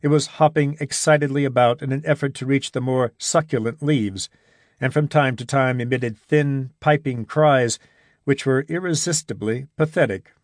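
A man narrating a story in a measured, even reading voice. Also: mid-range voice, dry recording, studio quality. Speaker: audiobook narrator. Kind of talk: scripted narration.

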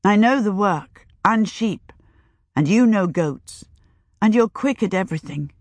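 A woman's voice: medium pitch, expressive, a little slow, a little mellow, no echo, pitched above the performer's own voice. A woman reading the part of a fierce, proud middle-aged farm woman who speaks sharply and demandingly. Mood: fierce, earnest.

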